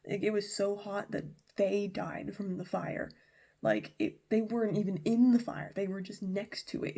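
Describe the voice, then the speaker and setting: A woman's voice: medium pitch, gravelly, a little mellow. A woman retelling a Bible story in a chatty, slangy way with lots of asides.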